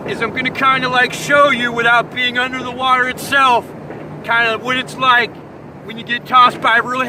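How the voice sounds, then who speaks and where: A man doing a comedic surfer monologue, rambling in surfer-bro slang and acting out his story with loud sound effects and yells. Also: very high voice, a little hiss or hum, poor audio. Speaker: comedic host. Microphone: phone.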